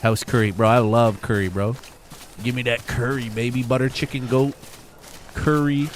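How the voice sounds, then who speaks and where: A young man streaming a game live, chatting loosely and excitably with viewers. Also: mid-range voice, normal speed, slight background noise. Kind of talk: casual live-stream chat.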